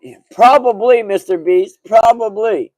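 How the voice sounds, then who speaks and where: A man's voice: high-pitched, unhurried, a little mellow, no room sound, poor audio. A man hosting a casual livestream sports talk podcast, chatting loosely in slang and greeting viewers by name. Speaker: podcast host.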